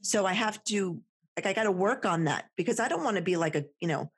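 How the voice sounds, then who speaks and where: A woman with a New Jersey accent in a casual chat, animated and laughing often. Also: medium pitch, a little fast, breathy edge.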